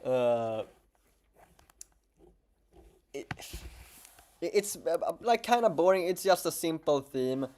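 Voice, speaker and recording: A man with a Swedish accent chatting casually on a livestream as a streamer, halting and stammering with many restarts. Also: fairly high pitch, very animated, darkish tone.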